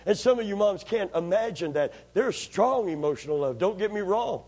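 High-voiced man preaching a sermon. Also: lively intonation, moderate pace. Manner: call-and-response, rising to impassioned shouting.

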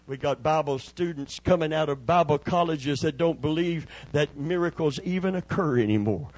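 A man pastor preaches, his voice a touch higher than most men's. He moves between folksy storytelling and fervent peaks, calling out for amens. The recording is dry and close, with no room echo. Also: a little fast, few pauses. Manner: preaching with sudden swells in pitch and loudness; folksy storytelling with calls for amen. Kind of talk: sermon.

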